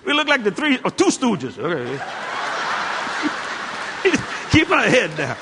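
A man preaching in church, telling a funny story in an animated, playful way and laughing often. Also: high-pitched, takes it slowly, a crowd in the background, noisy background. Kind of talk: humorous sermon storytelling.

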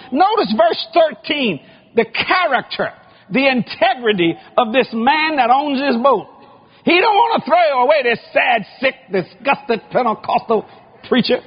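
Brief: male preacher, very high husky voice, lively pitch, muffled lo-fi recording. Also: measured pace. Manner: shouting, joking, animated. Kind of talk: sermon.

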